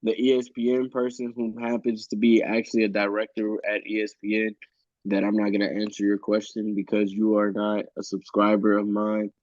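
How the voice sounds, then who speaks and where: A man's voice: lowish voice, monotone, brisk, a little mellow, no room sound, muffled recording. Blunt, profane man on a podcast. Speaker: podcast co-host. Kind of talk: casual chat.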